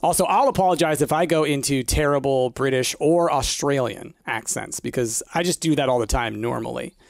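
A man's voice: medium pitch, brisk, gravelly, no room sound, studio quality. A man casually chatting and joking while streaming a cozy game with a friend, laughing often. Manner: animated, laughs often, jokey. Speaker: let's play streamer. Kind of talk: casual co-op gaming chat.

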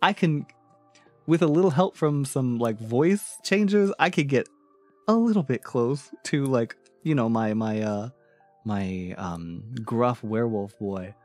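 A man's voice: mid-range voice, expressive, unhurried, faint music behind. A man streaming in a casual chat, thanking followers, rambling through fillers and restarts, and laughing often. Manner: rambling, with frequent fillers and self-restarts, giggly.

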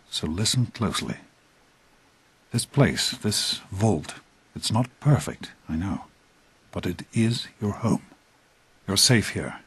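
An actor playing a calm, earnest middle-aged father who speaks softly and fatherly. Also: fairly low pitch, husky, dry recording, heavily acted. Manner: earnest, fatherly, soft-spoken.

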